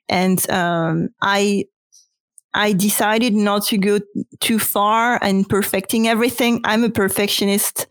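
A woman whose first language is French, a French teacher explaining her views in a thoughtful, unhurried way with frequent ums. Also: mid-range voice, no room sound. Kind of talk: casual panel conversation.

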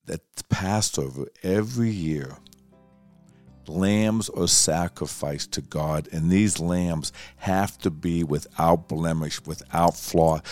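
A man delivers a sermon in a very low, deep voice. He tells his story unhurriedly, leaving pauses between phrases. Faint music sits quietly under his words. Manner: slow, deliberate storytelling with pauses.

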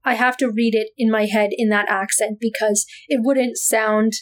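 Woman podcast co-host, slightly high voice, animated chat with rhetorical questions. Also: normal speed. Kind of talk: casual chat.

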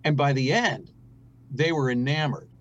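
A man's voice: mid-range voice, moderate pace, dull audio. A middle-aged man, a radio host and guest, telling family stories in an earnest, preachy way during a casual conversation.

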